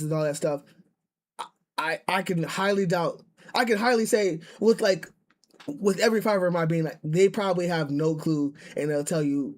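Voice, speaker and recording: A man's voice: high voice, moderate pace. A man streaming and reacting, ranting in casual chat with many restarts and rambling asides.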